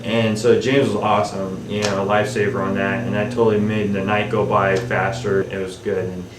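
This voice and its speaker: Brief: male director, lowish voice, easygoing and rambling, recorded at a distance in an echoey room. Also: little pitch movement, a little fast. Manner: rambling, many ums and restarts. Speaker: film director. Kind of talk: casual behind-the-scenes recollection. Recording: roomy, off-mic, faint hiss.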